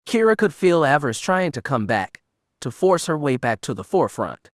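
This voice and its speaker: A man narrating an unabridged audiobook in a steady, measured storytelling manner. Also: on the high side, dry recording, clean studio sound.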